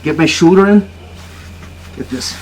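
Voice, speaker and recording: A man teaching jiu-jitsu technique during a live demonstration, talking in halting phrases and often checking in with "okay?". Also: on the high side. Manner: talks while moving on the mat, halting phrases. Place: training room at a retreat. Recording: noisy room recording.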